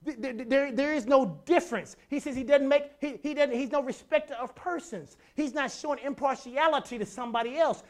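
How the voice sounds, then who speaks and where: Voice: sits high, a little fast, few pauses. Emphatic preacher who repeats key phrases. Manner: builds from quiet to loud passages; stammers and restarts on phrases. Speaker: pastor. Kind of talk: sermon.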